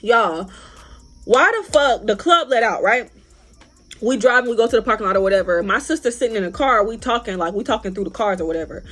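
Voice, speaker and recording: A young woman tells a storytime tale in a casual, foul-mouthed way. Her voice sits high and swings widely in pitch. She acts out bits of what others said along the way. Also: brisk. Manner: animated, profane, acts out other people's lines. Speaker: vlogger. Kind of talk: storytime vlog.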